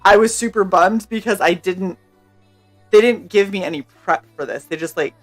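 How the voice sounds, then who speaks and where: A young woman telling a story on a live stream, animated and loose, laughing between lines and swearing without a second thought. Her voice sits at an ordinary middle pitch for a woman, with faint music playing softly behind her. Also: moderate pace. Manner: animated, laughing, swears freely, acts out quotes. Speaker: streamer co-host. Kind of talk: casual storytelling chat.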